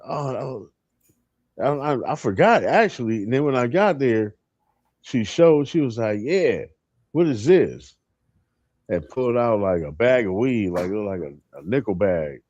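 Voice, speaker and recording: A man's voice: mid-range voice, big pitch swings, a little slow, a little mellow, no echo, dull audio. A man telling a crude, funny story in casual chat on a live stream, breaking into laughter.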